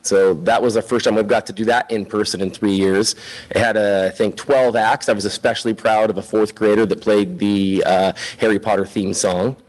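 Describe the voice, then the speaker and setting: At a board meeting, a principal delivers his report in a somewhat low, darkish voice with fairly even intonation and a moderate pace. He keeps it informal, chatty and upbeat, sprinkling in lots of "um"s and "uh"s, and the recording is rough.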